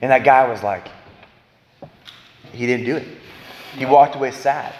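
A man giving a preaching-style Bible talk, emphatic, swinging between loud bursts and quiet low lines. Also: unhurried, muffled recording. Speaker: Bible teacher. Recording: echoey hall with long reverb.

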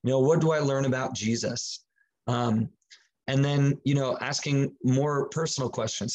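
A man giving relaxed, practical advice on daily Bible reading and prayer, talking conversationally with frequent fillers and restarts. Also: mid-range voice, a little slow, low-quality recording. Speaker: Christian teacher. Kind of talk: casual teaching talk.

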